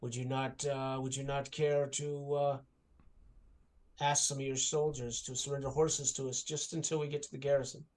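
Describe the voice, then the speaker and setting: A man voicing a calm, formal monk who soothes and courteously persuades his companions. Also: mid-range voice, moderate pace, lightly acted. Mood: courteous plea.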